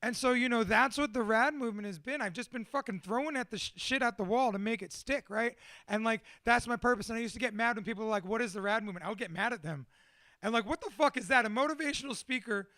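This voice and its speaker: Man, 30s, motivational speaker. Profane, rambling, self-mocking monologue. Very high, bright voice, dry recording. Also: a little fast, no echo. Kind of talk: candid personal monologue.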